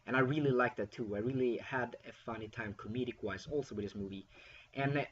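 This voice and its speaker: Guy rambling thru a movie review, kinda husky, dull lo-fi mic. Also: mid-range voice, brisk. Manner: rambling, frequent fillers and restarts. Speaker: film reviewer. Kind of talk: casual spoken film review.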